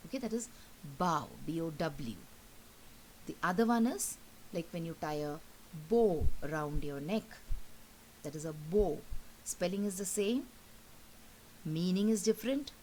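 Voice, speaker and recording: Woman, Indian English accent, school teacher, patient explaining, slightly low voice. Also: darkish tone, slight background noise, poor audio. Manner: patient and explanatory, repeats points and checks with "okay?". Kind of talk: recorded online class lesson.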